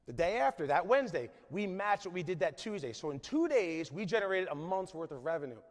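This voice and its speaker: A man in his forties delivers an emphatic motivational keynote on a conference stage, his voice pitched notably high. He keeps checking in with the crowd as he talks. The sound carries a long reverb from the large hall. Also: sing-song, a little fast. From New Jersey, USA. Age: 40s. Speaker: conference speaker.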